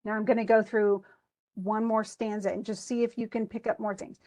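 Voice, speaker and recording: A woman's voice: medium pitch, level tone, a little fast, dark tone. A woman teaching an English class, reading a poem aloud and then explaining its stresses with frequent restarts. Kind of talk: classroom lesson.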